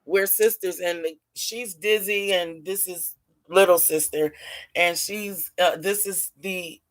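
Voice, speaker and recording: A woman's voice: lowish voice, steady tone, takes it slowly, poor audio. A woman telling a rambling family drama story in a casual spoken way, often restarting and correcting herself. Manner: rambling, repeats and self-corrects.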